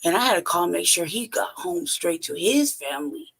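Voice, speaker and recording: Gravelly, profane man telling stories. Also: high voice, very animated, moderate pace, a bit bright. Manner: profane, blunt, laughs often between phrases. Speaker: podcast host. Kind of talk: casual storytelling monologue.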